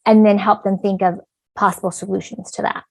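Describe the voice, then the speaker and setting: A woman leads an online parenting talk in an easy, conversational way, sprinkling her points with "like" and "um." Her voice carries a gravelly edge of fry, and the call audio is dry and close with no room sound. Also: mid-range voice, flat delivery, fairly quick, a little mellow, dry recording, poor audio. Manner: conversational, many fillers like "like" and "um". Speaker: parent education speaker, clinical supervisor. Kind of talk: casual online presentation. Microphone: video call.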